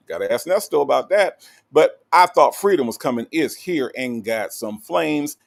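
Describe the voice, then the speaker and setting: Male livestream host, joking and animated, chatty comment-reading delivery. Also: fairly high pitch, normal speed, gravelly. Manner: animated, playful, with lots of "okay?" tags and fillers.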